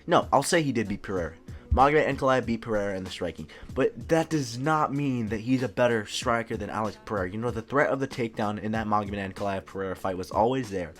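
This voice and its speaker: A man's voice: fairly low pitch, fast talker, faint music behind. A man hosting his own channel, giving casual commentary in a loose way, often saying "dude" and stumbling over repeated words. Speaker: MMA YouTube host. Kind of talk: casual commentary ranking fighters.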